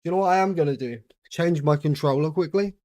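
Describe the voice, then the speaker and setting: A young British man chatting casually with his viewers while playing a game on a livestream, relaxed and easygoing as he greets viewers and answers their questions. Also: on the high side, quick pace, no echo, clean studio sound. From United Kingdom. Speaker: gaming livestreamer.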